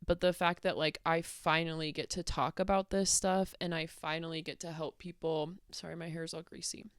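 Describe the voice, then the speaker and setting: A woman vlogger talking in a candid, rambling personal rant, swearing freely and filling pauses with "like". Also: deep voice, little pitch movement, smooth, dry recording, clean studio sound.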